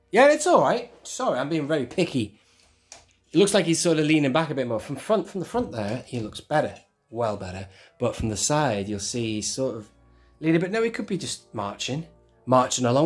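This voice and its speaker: A toy collector hosts his own channel, his medium-pitched voice carrying a breathy edge. He walks through a hands-on toy tutorial, chatting and rambling and correcting himself as he goes.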